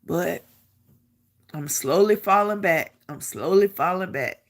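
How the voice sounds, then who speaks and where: Animated woman telling a story. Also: fairly low pitch, slow. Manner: animated, acts out quotes, laughs while telling. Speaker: vlogger. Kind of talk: casual storytelling.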